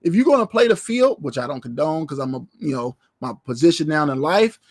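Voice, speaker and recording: A man's voice: fairly high pitch, very animated, fairly quick, dry recording, studio quality. A man preaching a sermon as pastor, in a loose, conversational way, often repeating short phrases.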